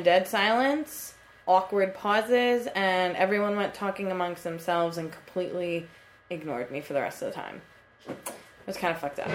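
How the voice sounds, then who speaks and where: A woman's voice: fairly low pitch, a little hiss or hum. A woman in her twenties co-hosting a casual podcast chat, telling a story in a chatty way and swearing freely. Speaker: podcast co-host. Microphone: computer mic.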